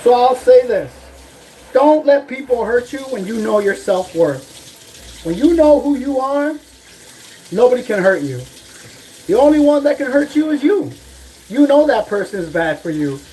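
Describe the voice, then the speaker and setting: A man's voice: very high-pitched, big pitch swings, a little slow, pauses often, warm tone, a little hiss or hum. A man on a casual vlog who gives blunt, profane, preachy life advice while making food in his kitchen at home. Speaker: vlogger. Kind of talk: casual livestream pep talk.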